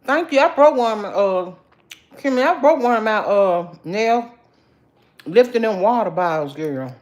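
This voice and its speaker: Animated chatty woman livestreaming. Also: medium pitch, unhurried, muffled recording. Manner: chatty, animated, greets viewers by name. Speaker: livestream host. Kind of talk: casual livestream chat with viewers.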